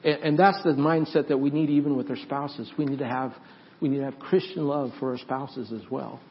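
A man preaching and then praying aloud, earnest, with halting restarts that grow louder as he prays. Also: mid-range voice, fairly even intonation, slight background noise. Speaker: pastor. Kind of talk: sermon closing into prayer. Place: church sanctuary. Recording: dull lo-fi church recording, faint music.

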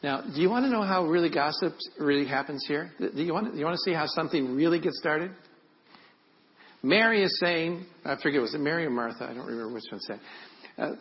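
A man's voice: a little high, lo-fi sound. A man in his sixties, a pastor preaching a sermon, telling stories with earnest feeling. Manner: storytelling, drops to soft and slow when emotional.

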